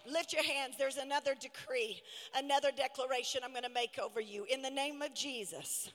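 A woman pastor preaching a passionate sermon, telling stories and building to shouted declarations. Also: high-pitched, normal speed. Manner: impassioned preaching, rising to shouts; storytelling with dramatic retellings. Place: large conference hall. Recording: long hall reverb.

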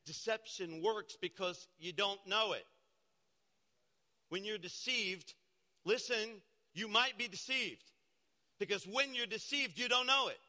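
Bright-voiced pastor preaching in a reverberant hall. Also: male voice, high-pitched, a little slow, long pauses. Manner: dramatic storytelling, shifting from loud to hushed. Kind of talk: sermon.

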